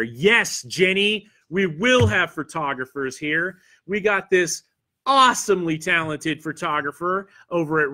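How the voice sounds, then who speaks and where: A man from Pennsylvania, with a Pennsylvania accent and a mid-range, sharp-toned voice, hosts a convention livestream alone from a studio. He chats loosely while reading viewer comments, rambling and self-deprecating, with lots of fillers and restarts.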